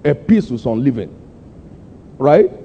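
Older pastor, call-and-response sermon, mellow tone, lo-fi recording. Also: male voice, sing-song, a little slow, creaky. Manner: call-and-response preaching, rising to high emphatic peaks.

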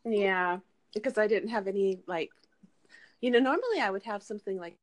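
A woman's voice: mid-range voice, a little fast. A woman chatting casually with her sister on a podcast call at home, laughing often. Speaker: podcast co-host. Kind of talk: casual chat. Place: home in Los Angeles.

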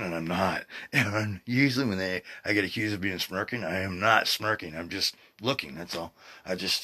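A man in his sixties hosting a podcast, rambling in a casual, excitable way, swearing freely and often restarting his sentences. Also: sits low, slightly rough. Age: 60s. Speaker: podcast host. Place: at home, seated.

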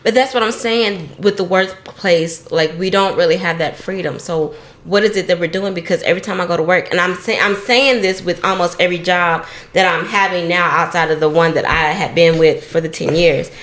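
A woman's voice: on the low side, steady tone, brisk, hardly any pauses, fairly bright tone, echoey room. A woman co-hosting a podcast in casual chat, earnest and venting at length. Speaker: podcast co-host.

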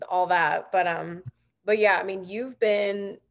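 A woman hosts a podcast over a video call in a casual interview, chatting, laughing, and filling her speech with "like." Her mid-range voice is steady, slow, and creaky.

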